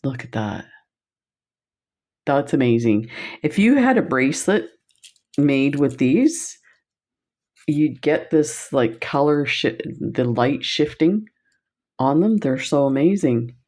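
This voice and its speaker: Low mellow-voiced lady gushing over beads on her craft channel, talks slow. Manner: gushing, excitable, laughs often. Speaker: beading channel host. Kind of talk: casual product showcase vlog.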